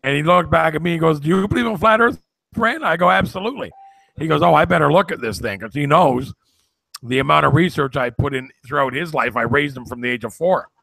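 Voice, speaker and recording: A man's voice: a little high, fast talker, creaky, fairly bright tone, no room sound. A man co-hosting an online talk show, telling stories earnestly and building into preaching. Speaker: co-host. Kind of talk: casual chat, preachy at times.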